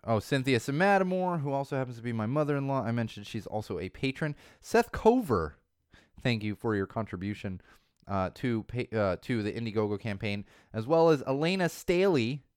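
Casual male podcast host, smooth voice. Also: medium pitch, sing-song, brisk, a little mellow, no room sound, clean studio sound. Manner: rambling, lots of fillers and restarts. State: slightly losing his voice.

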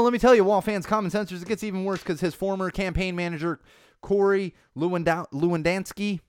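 A man hosting a podcast alone, ranting about the news in a profane, indignant way that swings between low asides and loud outbursts. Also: clean tone, no echo, clean studio sound. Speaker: podcast host. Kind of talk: solo podcast rant. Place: small studio.

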